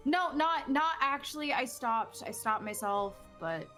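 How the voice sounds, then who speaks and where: Woman as a frightened young vampire, high bright voice, slow, tearful pleading. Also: expressive, faint music behind, exaggerated voice. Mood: distressed. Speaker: player.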